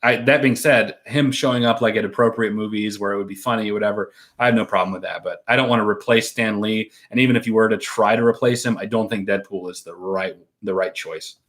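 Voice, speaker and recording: A man's voice: lowish voice, fairly even intonation, fast talker, few pauses, a bit bright. A man co-hosting a casual live stream at home, reading out viewer comments and rambling through his answers with frequent fillers and laughs.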